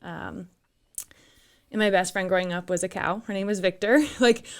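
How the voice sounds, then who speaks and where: A woman's voice: mid-range voice, fairly even intonation, normal speed, smooth. A woman in her thirties from northern Minnesota with a Minnesotan accent, a guest telling her story in a laughing, open way in a studio. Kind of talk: casual interview chat. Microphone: studio microphone.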